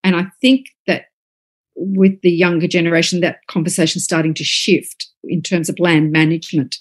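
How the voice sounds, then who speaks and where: Woman, middle-aged, earnest, repeats words, slightly low voice. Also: fairly even intonation, moderate pace. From Australia. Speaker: author and guest. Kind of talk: casual podcast conversation.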